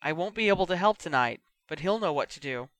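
A man reading a story aloud and voicing a patient, measured older male teacher who speaks calmly and quietly. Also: a little high, no room sound. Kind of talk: audiobook character voice.

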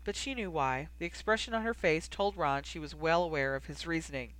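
An audiobook reader narrating a story in a steady storytelling manner. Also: medium pitch, fairly quick, low-quality recording. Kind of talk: scripted narration.

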